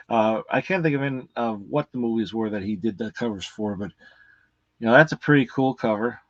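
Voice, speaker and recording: A man's voice: medium pitch, normal speed, no room sound, muffled recording. A man hosting a casual live unboxing, rambling and cursing freely with lots of fillers. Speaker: movie reviewer and unboxing host.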